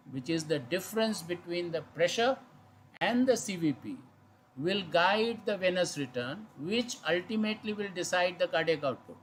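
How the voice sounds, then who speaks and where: A man's voice: fairly high pitch, fairly bright tone, slight background noise, rough recording. A man giving a medical lecture, explaining step by step and putting questions to his audience. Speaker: physician lecturer. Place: hospital lecture livestream.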